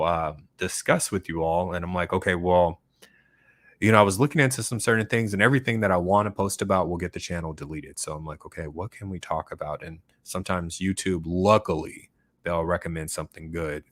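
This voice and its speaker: A man's voice: sits low, a bit bright, no room sound. A man hosting his own channel, talking casually and at length to his viewers and reacting to their comments, often tagging on "right?" and laughing between points. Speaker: channel host. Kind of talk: casual livestream monologue answering viewer comments.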